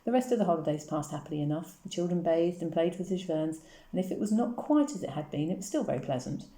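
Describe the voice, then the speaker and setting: A woman reading a chapter of a novel aloud, measured and gently expressive. Her voice sits very low and mellow, and a roomy echo hangs around it. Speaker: audiobook reader.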